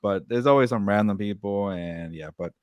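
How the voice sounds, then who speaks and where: A man co-hosting a sports podcast in casual chat, talking quickly with halting restarts and repeated words. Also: fairly low pitch, darkish tone, clean tone, dry recording. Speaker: podcast co-host.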